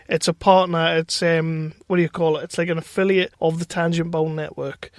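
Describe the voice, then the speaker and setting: A man's voice: on the high side, little pitch movement, moderate pace, no room sound, studio quality. A British man co-hosting a film podcast, rambling and joking in casual chat. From Britain. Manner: rambling, jokey, sweary. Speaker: podcast co-host.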